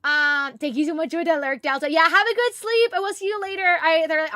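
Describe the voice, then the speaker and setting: A woman streaming a game, chatting casually and excitedly while reading chat aloud. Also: high voice, quick pace, hardly any pauses, dry recording.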